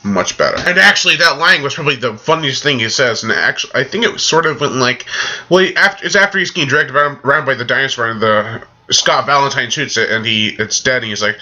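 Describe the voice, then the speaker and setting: A man's voice: mid-range voice, quick pace, sharp tone. A man casually reviewing a movie, rambling in a loose, jokey way. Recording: dull lo-fi recording.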